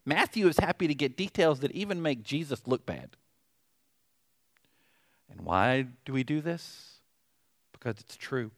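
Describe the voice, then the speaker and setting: A middle-aged man with a Southern accent preaching a sermon, telling a story in an animated way with joking asides. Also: fairly high pitch, a little slow, pauses often. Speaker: pastor.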